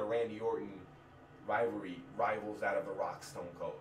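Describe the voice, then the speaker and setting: A man's voice: fairly low pitch, fairly even intonation, normal speed, slight background noise. A man and musician venting to his viewers in a casual rant, frustrated and profane, rambling with restarts. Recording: echoey room, distant from mic.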